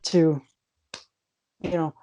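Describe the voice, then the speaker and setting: A woman co-hosting a casual wrestling podcast, chatty and quick to laugh. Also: dark tone. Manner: chatty, laughs often between remarks. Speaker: podcast co-host.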